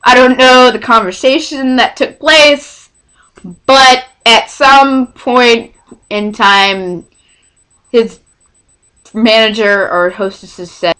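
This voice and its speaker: A young woman from Texas telling a storytime vlog, rambling and excitable, often cutting herself off mid-sentence. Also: on the high side, slow, pauses often, smooth. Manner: rambling, self-interrupting, excitable. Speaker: vlogger.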